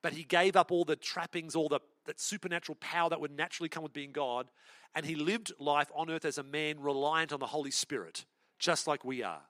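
Chatty preacher, bright and high. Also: male voice, a little fast, no echo. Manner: animated, chatty storytelling with asides. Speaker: pastor. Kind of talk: sermon.

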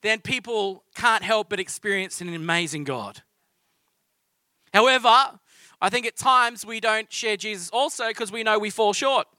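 Bright-voiced Australian man preaching. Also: high voice, a little slow, dry recording. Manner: conversational storytelling. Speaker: pastor. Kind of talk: sermon.

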